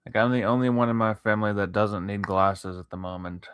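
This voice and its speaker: A man chatting casually with his viewers while he draws late at night, sleepy and yawning, swearing freely, talking to chat between long pauses. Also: fairly low pitch, level tone, a bit bright, smooth, dry recording. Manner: laid-back, swears a lot, talks to chat between pauses. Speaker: art streamer.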